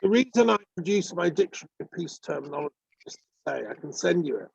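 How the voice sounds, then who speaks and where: A man's voice with heavy gravel and husk comes through a muffled, lo-fi video call. He talks in an earnest, rambling way, full of ums. The sound is dry and close. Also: sits high, lively intonation, fast talker, a little mellow, no echo. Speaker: peace activist on a video call. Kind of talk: casual discussion. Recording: dull lo-fi call audio.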